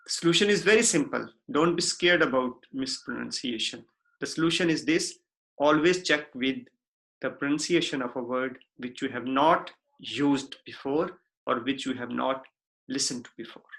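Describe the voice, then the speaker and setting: A man giving a recorded lecture in a deliberate, repetitive way, often checking in with the listener. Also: mid-range voice, vocal fry, fairly bright tone. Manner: deliberate, repeats himself, frequent "okay?" checks.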